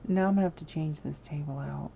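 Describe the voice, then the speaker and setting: A deep, warm female voice with vocal fry talks fast through a muffled recording with a bit of hiss or hum. She is hosting a live game stream, chatting with viewers casually and apologetically as she builds, with sudden outbursts.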